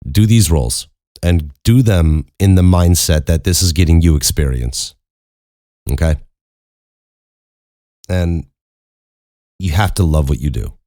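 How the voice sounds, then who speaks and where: A man with a Chicago accent and a strikingly deep, low voice hosts a podcast. He talks candidly and casually and stumbles over restarts as he thinks aloud. The sound is dry and close-miked, with no room echo. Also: unhurried, long pauses, dark tone. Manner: candid, conversational, with frequent restarts. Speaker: podcast host and voice actor. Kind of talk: casual advice talk.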